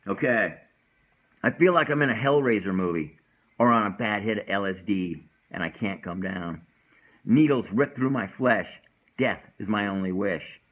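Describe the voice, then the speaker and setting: Despairing male poet, low and heavy, a man reading his own verse. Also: moderate pace, dull audio, natural voice. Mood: brooding. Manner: low, heavy, brooding delivery. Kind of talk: dark spoken-word poem reading.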